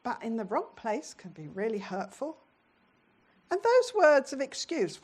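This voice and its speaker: A woman's voice: a little high, big pitch swings, normal speed, a little mellow. British woman preaching a conversational sermon. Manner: conversational, asks the congregation questions. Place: church.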